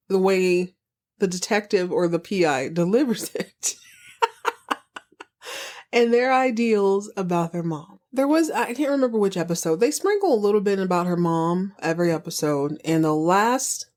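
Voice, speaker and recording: A woman's voice: medium pitch, a little mellow. A woman podcast host giving a chatty, sassy recap of a TV episode, wandering off on tangents as she goes.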